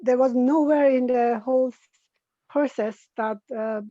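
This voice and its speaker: Female participant, mellow and halting, distant muffled dry audio. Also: sits high, steady tone, no room sound. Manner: halting, restarting answers. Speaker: workshop participant.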